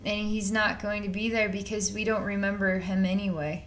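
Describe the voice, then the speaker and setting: A woman's voice: mid-range voice, fairly even intonation, normal speed, a little hiss or hum. A woman giving an unscripted psychic reading in a rambling, repetitive, conversational way with casual slang. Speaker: psychic reader.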